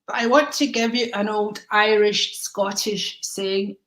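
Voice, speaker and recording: A woman's voice: mid-range voice, fairly even intonation, unhurried, a bit bright. A woman gives psychic readings on a live stream in a mid-range voice. She rambles, with ums and restarts, and calls her viewers darling and honey. The room echoes around her.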